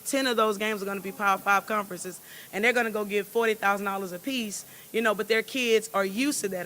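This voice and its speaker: A woman's voice: mid-range voice, a bit bright. A women's basketball coach candidly explaining her team's scheduling.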